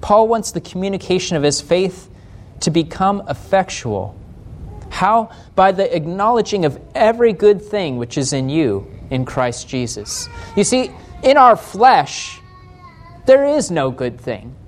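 An American man preaches to his congregation, his pitch rising and falling in a lively, animated way. He reads scripture aloud, slows his pace to press a point home, and slips in gentle humor. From United States. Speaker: pastor. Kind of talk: sermon.

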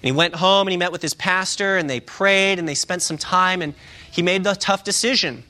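A man with a bright, forceful, slightly high voice tells a story from the pulpit. He stumbles and restarts often and fills his pauses with "uh.". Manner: halting, frequent filler sounds and restarts. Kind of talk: storytelling sermon.

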